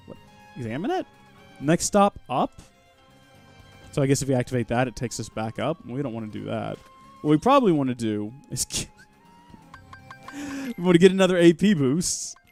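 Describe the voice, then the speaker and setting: A man's voice: medium pitch, a little fast, gravelly, faint music behind. A man hosting a livestream of a video game, talking into a headset with joking, sarcastic asides. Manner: animated, jokey, sarcastic asides. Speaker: gaming livestream host. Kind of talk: let's play commentary.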